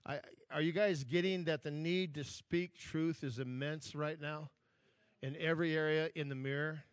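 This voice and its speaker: A man's voice: fairly high pitch, fairly even intonation, normal speed, clear, resonant tone, dry recording. A man preaching a sermon as pastor, earnest and building force when he quotes scripture, often repeating himself and asking "amen?". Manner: repeats words, frequent "amen?" to the congregation.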